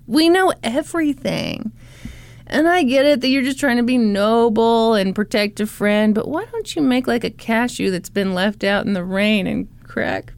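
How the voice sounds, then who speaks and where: A woman playing a good-cop detective, soft and coaxing, with a teasing singsong. His voice sits fairly high for a man, in the storyteller's own register. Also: normal speed, vocal fry.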